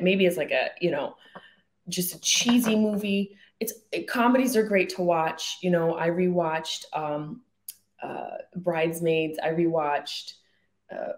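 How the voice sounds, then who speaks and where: A woman's voice: lowish voice, echoey room. A woman hosting her own podcast, rambling through casual jokey stories with plenty of swearing. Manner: chatty, profane, jokey rambling. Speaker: podcast host. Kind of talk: casual solo podcast chat.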